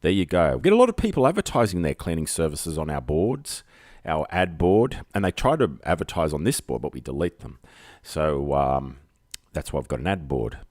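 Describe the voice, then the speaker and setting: A man's voice: a bass voice, very animated, moderate pace, a little mellow, no room sound, clean studio sound. A man with an Australian accent hosting a rambling live stream from home, talking into a desk microphone in a jokey, self-mocking way full of fillers. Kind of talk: rambling solo livestream chat.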